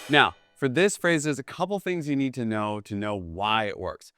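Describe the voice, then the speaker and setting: A man teaching a jazz drum lesson in a relaxed, eager way, often checking in with "right?" between drum examples. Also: mid-range voice, moderate pace, soft background music. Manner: casual, enthusiastic, keeps asking "right?". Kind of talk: instructional video lesson. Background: drum kit played between phrases.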